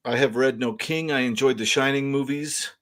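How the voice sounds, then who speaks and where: A man's voice: medium pitch, fairly even intonation, normal speed, fairly bright tone. A man hosting a casual online chat about books, joking and rambling. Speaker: podcast host.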